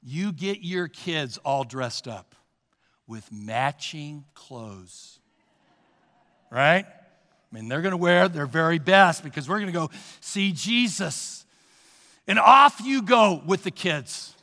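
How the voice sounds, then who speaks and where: A man preaching a sermon, asking the congregation rhetorical questions and telling a story dramatically, swinging between loud and hushed. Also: high-pitched. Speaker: pastor. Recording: long reverb of a large hall.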